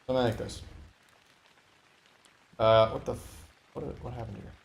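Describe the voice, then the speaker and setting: Male coding streamer, casual rambling think-aloud, gravelly voice, echoey home room. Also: mid-range voice, flat delivery, moderate pace, a little hiss or hum. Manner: rambling, thinks aloud with many fillers and restarts. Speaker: livestreamer coding web app.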